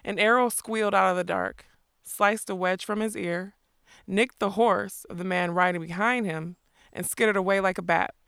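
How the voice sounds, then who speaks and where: Woman reading a novel aloud; smooth with some fry, dry close mic. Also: medium pitch, moderate pace, no echo. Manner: informal, relaxed delivery. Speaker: book club reader.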